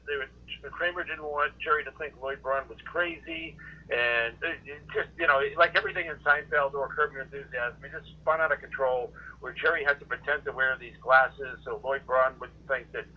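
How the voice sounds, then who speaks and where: A man of middle pitch, chatting as a podcast guest, pausing with lots of ums and uhs. His voice comes through a narrow, tinny phone-like line. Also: steady tone. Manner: hesitant, many ums and uhs. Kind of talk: casual podcast chat. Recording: phone-like call audio.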